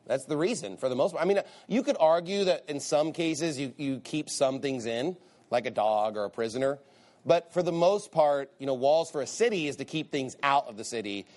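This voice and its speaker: Emphatic preaching man, slightly high voice. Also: animated, moderate pace, a little mellow. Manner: emphatic, repeats phrases for stress; reads scripture aloud in King James wording. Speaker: pastor. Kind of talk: sermon.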